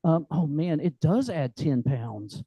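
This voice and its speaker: A man's voice: a little high, animated, takes it slowly, dark tone, slightly rough, no echo, low-quality recording. A man hosting a group meeting, casual, joking and folksy, with lots of fillers. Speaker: meeting host. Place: meeting room.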